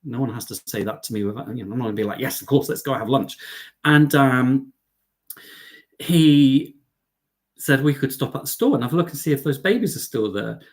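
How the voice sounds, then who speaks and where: Excitable male host from the UK, live-stream chat, mid-pitched voice, friendly and animated. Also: fairly quick. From United Kingdom. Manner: chatty and animated, excitable, addresses viewers as darling and lovelies. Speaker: travel vlogger hosting a live stream.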